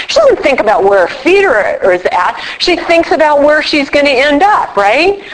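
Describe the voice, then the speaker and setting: High-voiced woman giving a lively meeting talk. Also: moderate pace, hardly any pauses, low-quality recording. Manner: animated, acts out quotes with props. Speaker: speaker at a recovery meeting. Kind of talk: casual workshop talk.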